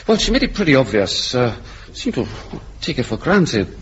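An actor playing a shy, hesitant young man in a radio comedy, halting over his words. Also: medium pitch, sing-song, a bit bright. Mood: sheepish. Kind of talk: 1950s radio comedy acting. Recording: muffled old broadcast with faint hiss.

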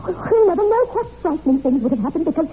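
A young woman acting in a 1940s radio drama, telling a dark family legend in an intense, breathless way. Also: very high-pitched, very animated, fast talker. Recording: tinny old radio recording with faint hiss.

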